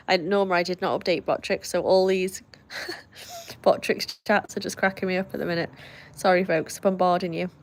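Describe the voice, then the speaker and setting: Chatty British woman with a gravelly voice. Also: fairly low pitch. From Britain. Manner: chatty, laughs often, friendly asides. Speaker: livestream host. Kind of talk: casual chat reading viewer comments.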